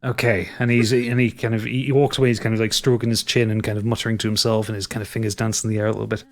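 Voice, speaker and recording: A man's voice: fairly low pitch, little pitch movement. A man running a tabletop game as game master, narrating with lots of stops and restarts over a video call. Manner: halting, full of restarts.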